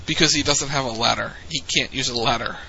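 A man's voice: mid-range voice, brisk, creaky, pushed and bright, lo-fi sound. A man co-hosting a casual recap, chatty and rambling, with frequent restarts. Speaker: podcast co-host recapping wrestling.

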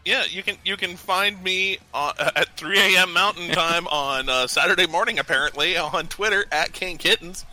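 Male intern, very bright, tense tone, higher voice, sheepish asides. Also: normal speed, few pauses, faint music behind, poor audio. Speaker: show intern. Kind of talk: casual wrestling radio banter.

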